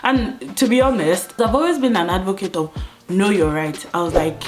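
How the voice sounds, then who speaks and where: Speaking fairly quickly to camera, a young adult Nigerian vlogger with a Nigerian accent recounts a story in a lively, casual way. She imitates others along the way, pitching her voice up for the police, and soft music plays faintly underneath.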